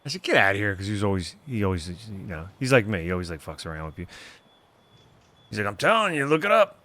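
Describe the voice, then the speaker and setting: Excitable swearing game streamer man. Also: sits low, quick pace. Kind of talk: gameplay commentary. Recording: voice over game music.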